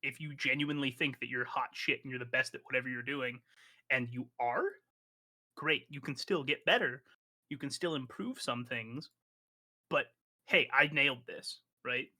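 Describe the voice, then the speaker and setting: A man's voice: mid-range voice, moderate pace, bright, forceful tone. A man streamer chatting on a live stream, blunt and profane, giving advice in a lecturing way. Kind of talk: casual live-stream chat.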